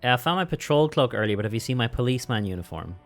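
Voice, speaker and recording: A man's voice: mid-range voice, expressive, very fast, soft background music. A man streaming a game playthrough, hesitant and swearing freely as he talks.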